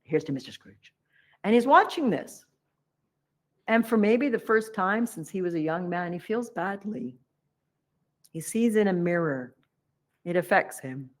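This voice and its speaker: With a mid-range voice, a female meditation instructor tells a story during a comic dharma talk, keeping it chatty and animated while she acts out the figures in it.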